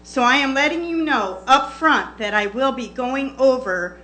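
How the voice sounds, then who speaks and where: Slow, bright-voiced woman reciting formally. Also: high voice, faint music behind. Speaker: public commenter. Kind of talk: reading aloud at public comment.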